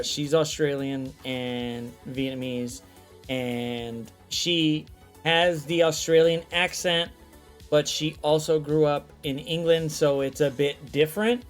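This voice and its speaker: A man hosting a casual stream chat, loud and animated, swearing often as he tells stories. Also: on the high side. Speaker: stream host.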